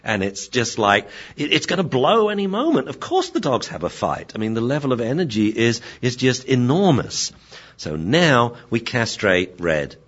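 A man, a veterinarian and dog trainer, explaining dog behavior in a lively storytelling manner. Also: medium pitch, moderate pace, husky. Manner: lively storytelling, acting out scenes. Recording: dull lo-fi sound.

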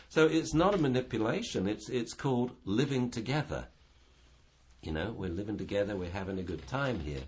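A man talking about dog training in a casual chat, animated and acting out little dialogues. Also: on the low side, brisk.

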